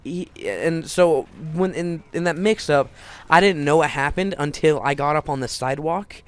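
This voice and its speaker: Rambling teenage guy, smooth voice. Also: fairly high pitch, moderate pace. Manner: rambling, many restarts and "like" fillers. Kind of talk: casual personal storytelling.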